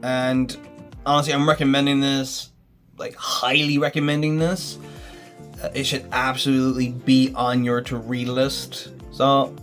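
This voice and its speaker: A man's voice: medium pitch, flat delivery, a little slow, fairly bright tone, faint music behind. A man reviewing a manga in a casual, enthusiastic video, chatty and full of fillers.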